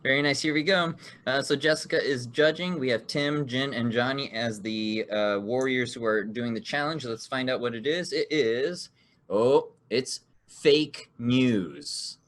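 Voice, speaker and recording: A man's voice: mid-range voice, moderate pace, hardly any pauses, a bit bright. A man hosting an online improv comedy card game, upbeat and laughing often as he reads out the rules. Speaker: game show host.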